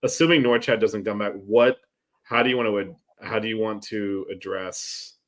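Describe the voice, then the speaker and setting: A man's voice: lowish voice, normal speed. A man hosting a casual sports chat, rambling with many fillers and restarts. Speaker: sports podcast host.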